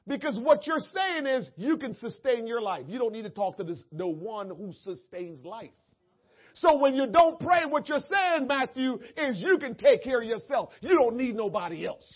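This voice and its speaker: High-voiced preacher swinging from hush to shout. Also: male voice, lively intonation, breathy edge, dull audio. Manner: drawn-out emphatic scripture reading. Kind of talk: sermon. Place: church.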